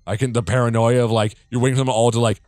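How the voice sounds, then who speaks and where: A man's voice: mid-range voice, level tone, racing, darkish tone, no echo, clean studio sound. A man from the United States giving rambling, profane let's play commentary, with jumpy reactions as he plays a horror game. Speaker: gamer.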